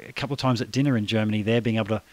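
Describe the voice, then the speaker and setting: A man's voice: on the low side, steady tone, very fast, a little mellow, dry recording. A man in his fifties from Australia with an Australian accent, hosting a casual podcast chat, talkative, laughing often and swearing casually. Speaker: podcast host.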